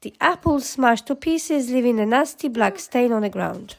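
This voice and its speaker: A woman narrating a children's story in a lively, expressive way. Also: fairly high pitch, moderate pace, few pauses.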